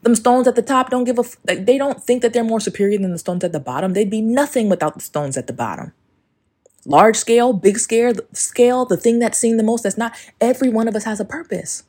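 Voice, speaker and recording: A woman's voice: fairly high pitch, a little fast, a little mellow, breathy edge. A woman hosting a casual spiritual podcast, talking emphatically with plenty of swearing and often breaking into song lyrics. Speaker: podcast host.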